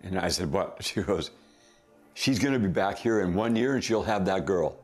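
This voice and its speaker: A middle-aged man casually telling a family story as a podcast guest, chuckling often and throwing in quick asides. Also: low voice, lively intonation, faint music behind.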